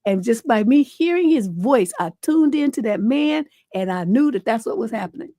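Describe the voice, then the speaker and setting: A woman's voice: on the high side, lively intonation, moderate pace, dark tone, dry recording, clean studio sound. A middle-aged woman hosting a livestream advice show, reading a viewer's letter and then giving frank, folksy advice. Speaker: relationship advice host.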